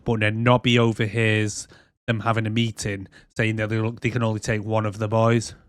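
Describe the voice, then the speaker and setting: A man's voice: on the low side, little pitch movement, normal speed, clear, resonant tone, dry recording, clean studio sound. A man co-hosting a podcast, chatting casually and crudely about a film, laughing often and quoting lines. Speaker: podcast co-host. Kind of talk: casual film review chat.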